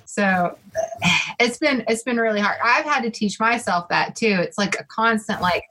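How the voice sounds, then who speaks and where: A woman's voice: a little high, normal speed, pauses often, low-quality recording. A woman guest on a casual interview, talking openly and animatedly, often quoting her own thoughts. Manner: animated, laughing, quotes herself. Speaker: guest author. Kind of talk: casual conversation.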